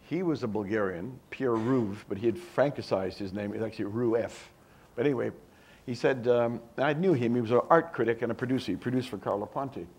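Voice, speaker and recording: Older male guest speaker, storytelling style, acts out quotes, medium pitch. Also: fairly quick, breathy edge. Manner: animated, acts out quoted dialogue. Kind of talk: anecdotal storytelling at a talk. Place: university talk event.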